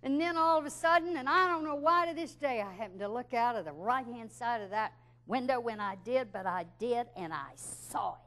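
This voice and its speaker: High-voiced woman telling a comic story. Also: normal speed. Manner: lively, chatty, laughing through her story.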